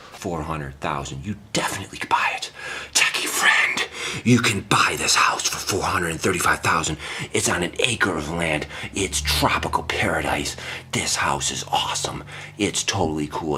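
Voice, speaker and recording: A man's voice: low voice, a bit bright, slight background noise. A man doing a sarcastic comedic rant from home, taunting and repeating his jabs with fake apologies. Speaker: comedy vlogger.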